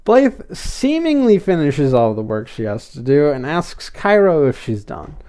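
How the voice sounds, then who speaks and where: A man's voice: fairly high pitch, big pitch swings, measured pace, dark tone. A man hosting a podcast, casually recapping a cartoon episode, rambling and repeating fillers as he goes. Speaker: podcast host.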